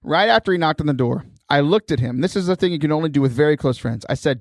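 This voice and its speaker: A man hosting a podcast, telling stories in an animated way and laughing often. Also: on the high side, fast, few pauses, dry recording, studio quality. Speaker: podcast host. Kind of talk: casual chat.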